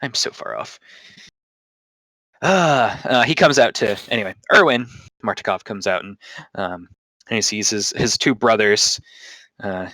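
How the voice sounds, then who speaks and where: A man's voice: on the low side, unhurried, long pauses, pushed and bright, dry recording. A man narrating as game master on a live stream, rambling and self-deprecating with many fillers.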